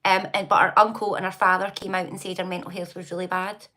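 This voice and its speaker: A woman's voice: on the low side, level tone, fast, bright, forceful tone. A Scottish woman hosting a casual livestream, chatting and gossiping with viewers, greeting them by name and laughing often. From Scotland. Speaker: livestream host reading comments. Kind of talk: casual live chat.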